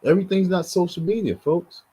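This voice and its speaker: Man, husky voice, blunt and heated livestream commentator, repeats his points. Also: high voice, brisk, mellow, poor audio. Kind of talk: casual live commentary.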